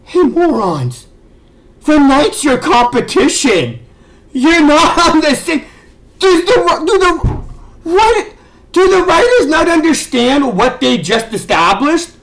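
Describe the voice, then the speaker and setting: A man's voice: extremely high pitch, sing-song, takes it slowly, gravelly, fairly bright tone, low-quality recording. A man ranting as a video reviewer, exasperated and sarcastic, swearing and stumbling over restarts as he talks. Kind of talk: ranting commentary.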